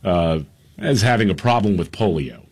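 A man's voice: low-pitched, lively intonation, normal speed, husky. A man co-hosting a radio talk show, reading news items with dry asides and frequent "uh"s. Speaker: radio co-host. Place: radio studio.

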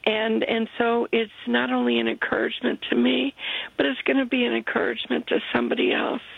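Woman caller, earnest and thankful, gravelly husky voice over a tinny phone line. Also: fairly high pitch, flat delivery, no echo. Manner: grateful, earnest, halting. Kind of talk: phone call to a radio show.

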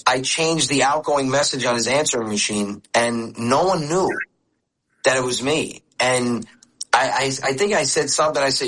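A man's voice: mid-range voice, moderate pace, a bit bright, low-quality recording. A comedian who is a guest in an interview. He tells stories casually, laughs often and repeats words.

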